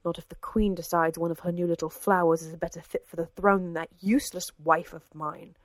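A woman's voice: on the low side, steady tone, a little fast, dry recording, close to an everyday voice. A woman voicing a whiny, spiteful aristocratic man who makes petulant, hissing demands in an audiobook. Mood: resentful. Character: older nobleman, whiny and spiteful.

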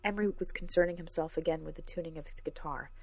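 A woman's voice: sits low, fairly even intonation, fast talker, gravelly, darkish tone, breathy edge, no room sound. A woman reading a fantasy story aloud as scripted narration, raising her voice for the characters' lines. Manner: reads every character herself, lifting her voice for dialogue.

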